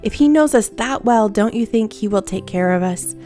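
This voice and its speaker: A woman's voice: mid-range voice, expressive, moderate pace, soft background music. A woman giving an earnest, encouraging Bible lesson for children, leading them in repeating a verse and closing with a prayer. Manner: gentle, earnest, encouraging, leads call-and-response.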